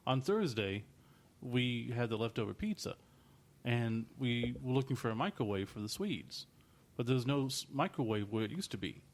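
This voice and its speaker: A man's voice: mid-range voice, animated, normal speed. Easygoing man recounting game stories. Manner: easygoing, recounts anecdotes with quoted voices. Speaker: podcast co-host. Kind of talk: casual chat.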